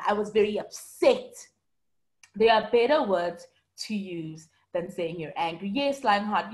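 Patient woman teaching an online class. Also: mid-range voice. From South Africa. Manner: patient, explaining, answers students by name. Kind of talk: online lesson reading student comments.

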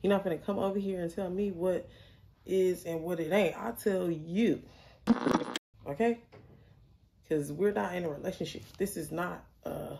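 A young adult woman telling a story in a casual, blunt, animated way, swearing freely. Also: fairly low pitch, normal speed, gravelly, long pauses, a little hiss or hum. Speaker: storyteller vlogger.

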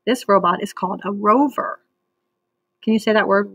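A woman teacher reads a children's book aloud for an online class, slow and patient, drawing out words syllable by syllable. Her voice is medium in pitch with a gravelly, slightly husky edge. The sound is close and dry, with no room echo. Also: a bit bright. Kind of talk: read-aloud reading lesson for children.

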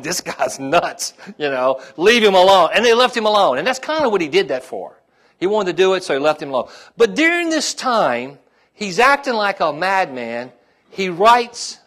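A male pastor preaches in a loose, conversational way, circling back over his phrases and checking in with the congregation. His voice sits a little high for a man. When he rouses the room, he climbs higher and gets louder. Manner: conversational, repeats himself, asks "amen?"; rises in pitch and volume when stirring the congregation. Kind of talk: sermon.

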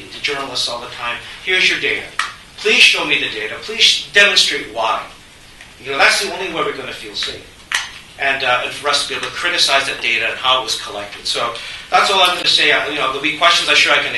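A middle-aged man, a panelist at a university forum, talking in an animated, joking, conversational way. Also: medium pitch, recorded from a distance. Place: university lecture hall. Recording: echoey hall from afar, faint hiss.

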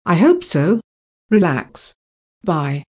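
Mellow woman reading practice dialogue. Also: fairly low pitch, very animated, slow, husky. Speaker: dialogue reader for English practice.

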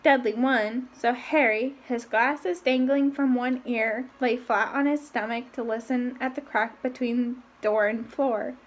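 Woman, high voice, casual read-aloud of a novel, chatty asides. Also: fairly even intonation. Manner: reads quickly with asides, raising pitch for quoted voices. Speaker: reader.

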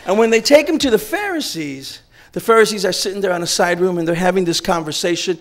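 High-voiced man preaching a story. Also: fast talker. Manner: animated, conversational retelling. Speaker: guest preacher. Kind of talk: storytelling sermon.

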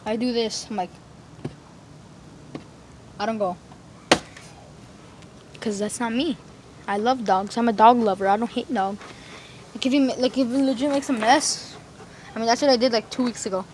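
A woman's voice: a little high, moderate pace, long pauses. Rambling woman vlogging outdoors by traffic. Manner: rambling, slangy, lots of fillers. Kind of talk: casual rambling vlog. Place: outdoors in a yard near a road. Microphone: phone camera held facing self. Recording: outdoor phone recording with traffic noise. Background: street traffic and outdoor ambience.

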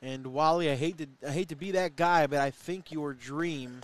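A man doing casual, joking commentary on a cornhole match while he has the hiccups. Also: fairly high pitch. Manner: chatty, joking, quick asides about the play. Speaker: play-by-play commentator.

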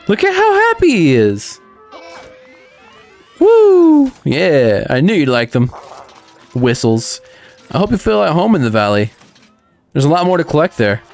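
A man commenting excitedly on a cozy video game, talking sweetly to the characters. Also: mid-range voice. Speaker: gaming channel host. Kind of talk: let's play commentary.

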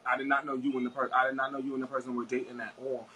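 A man's voice: medium pitch, little pitch movement, rapid-fire, sharp tone, husky, low-quality recording. A man chatting as a guest, telling a story in a rambling way with many fillers and restarts. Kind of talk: casual chat.

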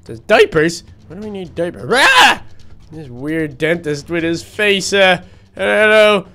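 Cheeky boy duckling, played by a man, high and smooth, excitable rambler for game role-play. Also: measured pace. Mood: excited. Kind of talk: Minecraft role-play voice acting.

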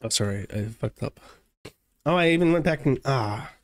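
A man's voice: mid-range voice, expressive, moderate pace. A man hosting a livestream show, giving casual commentary at his computer desk in a rambling, profane way, full of fillers and restarts. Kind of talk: casual commentary reading out online posts.

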